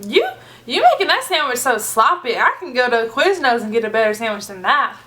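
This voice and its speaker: A woman's voice: a little high, very animated, fairly quick, pushed and bright. A woman putting on a pushy, scornful customer. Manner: scornful, demanding. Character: rude demanding woman customer, loud and pushy.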